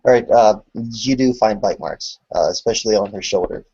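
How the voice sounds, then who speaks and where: A man running a tabletop horror game as game master, narrating in a halting way full of "uh" and "you know" over a video call. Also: lowish voice, dark tone, husky. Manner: hesitant, full of filler words. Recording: lo-fi online call audio.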